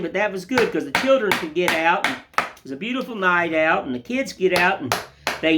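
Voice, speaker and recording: Man, woodcarver, folksy rambling chat, a bit high, loud tool knocks under the voice. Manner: folksy, rambling, down-home sayings. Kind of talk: casual chat while carving. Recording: loud workshop tool noise. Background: loud chisel and mallet knocks.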